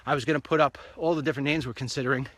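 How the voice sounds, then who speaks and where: Upbeat bright-voiced man talking on a walk. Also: fairly even intonation, very fast, dry recording. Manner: chatty, rambling, upbeat pitch. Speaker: online show host. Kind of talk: casual walk-and-talk monologue. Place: outdoors, walking along a street.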